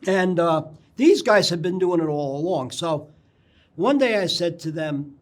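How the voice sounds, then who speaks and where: An older man, a guest on a local TV interview, telling anecdotes in a rambling way and often clearing his throat. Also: a little high, expressive, unhurried. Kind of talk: casual interview storytelling. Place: local TV studio.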